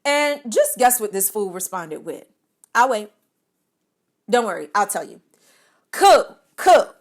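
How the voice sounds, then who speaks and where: A woman telling a funny personal story at an unhurried pace. She is animated and expressive, laughing often and stammering when she gets worked up, with a voice of ordinary pitch. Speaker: podcast storyteller.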